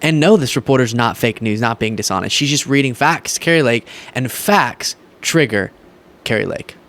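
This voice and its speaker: A man's voice: mid-range voice, normal speed. Sarcastic young male political commentator. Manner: sarcastic, mocking, animated. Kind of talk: reaction commentary.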